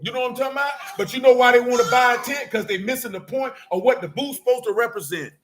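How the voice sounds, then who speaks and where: A middle-aged man preaching a fiery sermon in street slang, scolding and sometimes shouting. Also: very high voice, fast.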